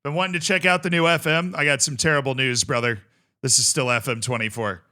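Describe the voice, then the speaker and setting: Bright, crisp-voiced male game streamer. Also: mid-range voice, fast talker. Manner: chatty, reads chat aloud, breaks into excited shouts. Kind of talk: casual live-stream commentary while playing.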